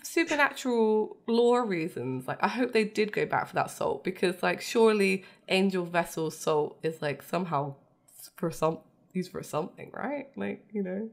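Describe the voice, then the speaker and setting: A woman co-hosting a podcast, her voice at an ordinary middle pitch. She chats casually and playfully, tossing in jokes and quick asides. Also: expressive, vocal fry. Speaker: podcast co-host. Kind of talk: casual chat.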